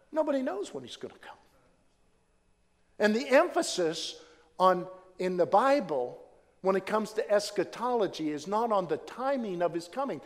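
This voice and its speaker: A male pastor preaching in a church sanctuary, his fairly high voice carrying a long reverb tail. He speaks slowly and deliberately, repeating key phrases and swinging between loud, emphatic declarations and hushed, low lines. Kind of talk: sermon.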